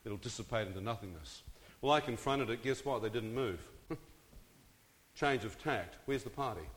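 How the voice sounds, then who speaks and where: A man speaking at normal speed in a medium-pitched voice gives his testimony to a live audience. He keeps listeners hooked with questions and jokes; the hall's reverb is long.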